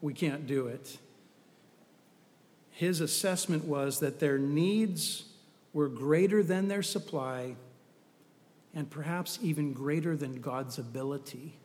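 A man's voice: on the high side, a little slow, darkish tone, big-room sound. A man preaching a sermon in a conversational, storytelling way with humorous asides.

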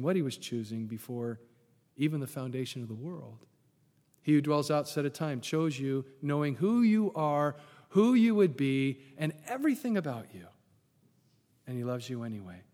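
A man's voice: a little high, normal speed, a little mellow, long reverb tail. A man preaching a sermon as a pastor, conversational and emphatic, with his voice swinging up when he stresses a point.

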